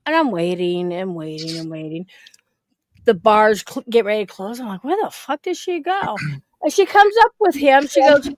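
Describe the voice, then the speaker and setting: A woman's voice: mid-range voice, lively intonation, moderate pace, a little mellow, no echo. A middle-aged woman telling stories in casual chat, laughing often and swearing freely.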